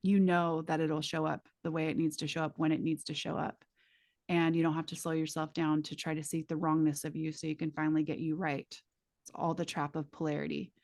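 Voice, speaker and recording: A woman's voice: low-pitched, flat delivery, a little fast, a little mellow. A woman facilitator teaching a live class in a casual, emphatic way, swearing freely and speaking straight to her students through vivid images.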